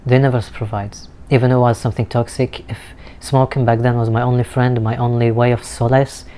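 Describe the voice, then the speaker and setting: A man's voice: mid-range voice, flat delivery, fairly quick, mellow, slight background noise. A man vlogging a candid, emotional personal monologue, earnest and sometimes swearing, recorded outdoors in a city. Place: outdoors in a city with street music nearby.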